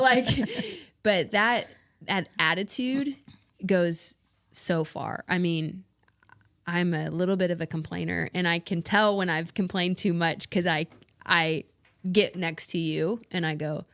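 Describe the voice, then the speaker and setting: A woman's voice: fairly low pitch, a little slow, fairly bright tone, no room sound, studio quality. A woman co-hosting a podcast, chatting casually and earnestly with friends, affirming them and laughing often. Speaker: podcast co-host. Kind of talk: casual chat among friends.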